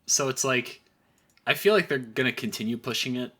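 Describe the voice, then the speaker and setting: A man's voice: mid-range voice, a little fast, bright, forceful tone. A young man co-hosting a casual podcast chat, laughing often as he retells scenes. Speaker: podcast co-host.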